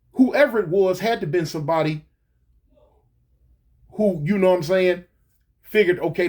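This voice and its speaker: A man casually recounting a past event, animated, stumbling over restarts and mouthing gunshot sounds. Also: sits high. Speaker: guest recounting a shooting. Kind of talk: casual storytelling.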